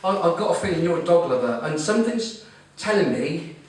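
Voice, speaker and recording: His fairly high voice has a sing-song lilt and moves fairly quickly as he compères a comedy night. He tells a story to the live audience and teases them, swearing casually along the way. The recording comes from a far-off mic in a very echoey, noisy comedy club room.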